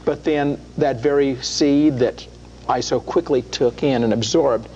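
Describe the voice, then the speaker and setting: A man's voice: mid-range voice, fairly even intonation, a little slow, warm tone, highs cut off, slight background noise. A man hosting a Christian radio program, talking about faith in an earnest preaching style that rises into emphatic questions.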